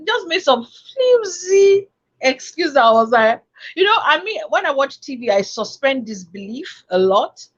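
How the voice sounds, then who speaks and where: A woman, hosting a podcast, casually retelling a story with lots of quoted dialogue and asides. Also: on the high side. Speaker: podcast host. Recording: dull lo-fi sound.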